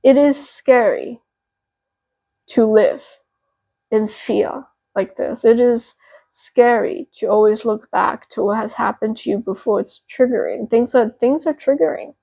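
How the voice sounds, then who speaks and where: A young woman hosting a pick-a-card tarot reading, talking gently and reassuringly with a therapeutic tone and many fillers. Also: a little high, a little slow, creaky, low-quality recording. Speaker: tarot reader and channel host.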